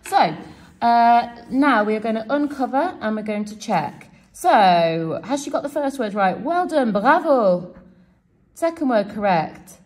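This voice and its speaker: Her voice a little high and darkish, with lively intonation and no rush, a French teacher demonstrates a self-quiz method to her class. She takes it step by step, encouraging the students as she goes.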